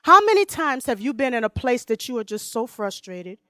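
A woman preaching a sermon, reading scripture slowly and swinging between loud emphasis and hushed tones. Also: on the high side, sing-song, dry recording, studio quality. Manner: reads scripture slowly and deliberately.

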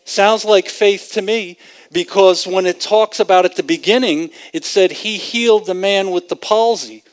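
A man preaches a sermon in a high voice at an ordinary pace, and the audio is of low quality. He earnestly teaches from scripture, emphasizing his points and retelling passages with vivid, acted-out quotations.

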